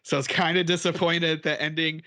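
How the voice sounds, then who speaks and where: A man's voice: fairly high pitch, flat delivery, fast talker, pushed and bright. A man co-hosting a podcast in casual chat, rambling and chatty and laughing often as he talks. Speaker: podcast co-host.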